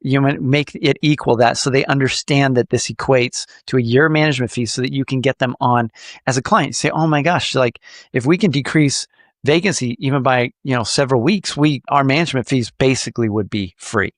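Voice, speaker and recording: A man hosting a podcast, coaching listeners in a lively, animated way with playful jokes. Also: medium pitch, brisk, no room sound, studio quality. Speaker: podcast host.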